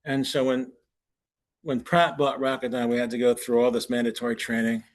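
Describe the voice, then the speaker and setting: A man's voice: mid-range voice, flat delivery, moderate pace. Man telling workplace stories in a talk. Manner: storytelling, chuckles at his own punchlines; conversational with restarts. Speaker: conference presenter. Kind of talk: anecdotal lecture.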